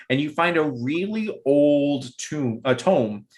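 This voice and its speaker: A man's voice: a little high, big pitch swings, normal speed, hardly any pauses. A man narrating a tabletop game as game master in a rambling way with many fillers.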